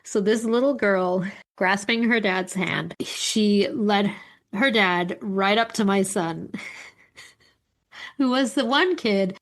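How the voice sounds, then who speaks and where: Woman co-host, slow relaxed delivery, casual chatty storytelling with frequent laughs and swearing. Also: medium pitch. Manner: laughs often while telling stories, swears casually. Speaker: podcast co-host.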